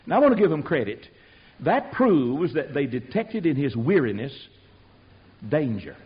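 A man preaching an animated sermon, telling the story in a folksy way and swinging from loud to hushed. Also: on the high side, normal speed. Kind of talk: animated sermon with acted-out voices. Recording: dull lo-fi sermon recording.

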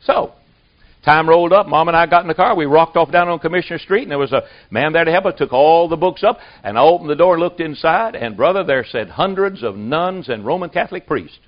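A man's voice: on the high side, fairly quick. A man preaching a sermon to a congregation, with a folksy storytelling manner. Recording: dull lo-fi recording.

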